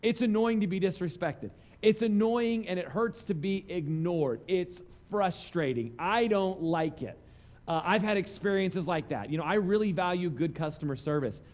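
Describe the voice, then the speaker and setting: A man's voice: sits high, lively intonation, moderate pace, darkish tone. A man preaching a conversational sermon, telling self-deprecating stories. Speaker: pastor.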